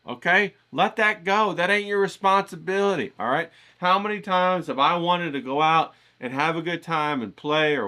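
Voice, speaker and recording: A man's voice: mid-range voice, bright, forceful tone. A man giving a casual motivational pep talk to his viewers, hyped and coaxing, with slangy repeated phrases. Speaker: motivational vlogger.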